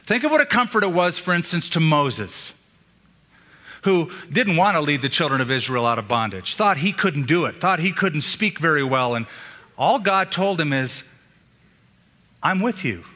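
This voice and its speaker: Bright-voiced preacher man in echoing hall. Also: a little high, lively intonation, moderate pace. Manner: earnest preaching, rhetorical questions. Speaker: pastor. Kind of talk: sermon. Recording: long hall reverb.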